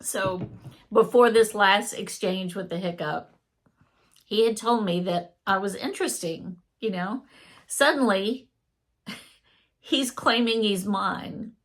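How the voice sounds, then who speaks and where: A woman's voice: medium pitch, takes it slowly, long pauses. A woman telling an earnest, emotional faith testimony in a casual spoken style.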